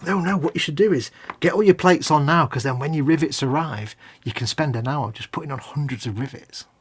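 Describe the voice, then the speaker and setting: A man's voice: fairly high pitch, brisk, husky. A man from the UK co-hosting a casual hobby stream, jokey and playful, slipping into silly voices as he chats while model building. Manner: jokey, slips into silly voices and sung snatches. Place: home hobby workshop.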